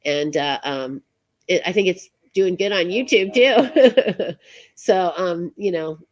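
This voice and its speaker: A woman hosting an online show, chatting casually as she signs off, halting with many fillers and frequent laughs. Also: fairly low pitch, darkish tone. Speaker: show host. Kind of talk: casual live-stream sign-off chat.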